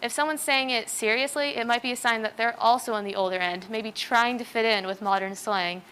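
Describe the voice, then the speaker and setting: A teenage girl's brisk, high-leaning voice has a sharp tone and fairly even intonation, recorded cleanly. She's giving a prepared student talk on a school stage, earnest and explanatory, and she illustrates her points with many examples.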